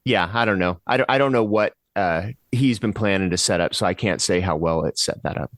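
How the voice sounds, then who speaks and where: A man's voice: sits low, fairly quick, fairly bright tone, no echo. Laid-back man reviewing a film. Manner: laid-back, hesitant with fillers. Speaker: podcast co-host.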